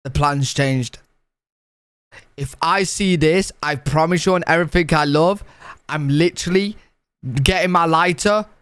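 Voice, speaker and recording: British male streamer, slightly high voice, dry close mic, jokey and crude with his chat. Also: unhurried, long pauses, a bit bright, smooth, dry recording. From United Kingdom. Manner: joking, swearing, talks straight to chat. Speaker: streamer reacting to a video. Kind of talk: casual live reaction commentary.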